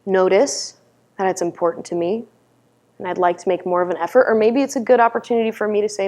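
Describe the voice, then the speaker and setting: A woman's voice: fairly low pitch, darkish tone. A woman giving a dharma talk as a meditation teacher, telling stories in a candid, conversational way.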